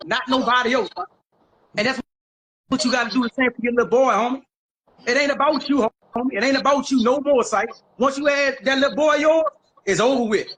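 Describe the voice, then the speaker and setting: Man, from D.C., very high voice, bright tone, emphatic, repetitive, street slang, candid talk. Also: poor audio. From Washington, D.C. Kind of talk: candid conversation.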